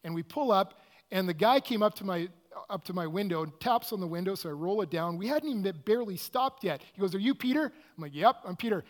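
A man telling a personal story in an excitable, animated way, as a speaker addressing listeners. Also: high voice, brisk.

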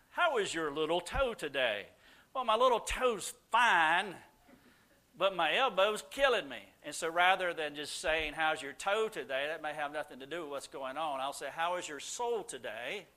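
A middle-aged man telling stories to a live audience, animated, and loud when he acts out how his family talked. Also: on the high side. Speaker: speaker answering audience questions. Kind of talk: casual talk to a live audience.

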